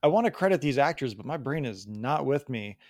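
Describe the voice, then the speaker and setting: A man's voice: medium pitch, expressive, a little fast, a little mellow, no echo, studio quality. A man co-hosting a podcast, chatting casually and rambling through jokes about films. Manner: rambling, joking. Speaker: podcast co-host. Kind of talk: casual chat.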